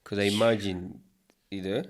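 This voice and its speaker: A man from Uganda hosting an interview, asking short, quiet questions and giving brief replies. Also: lowish voice, fairly even intonation, moderate pace. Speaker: interview host. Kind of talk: casual interview.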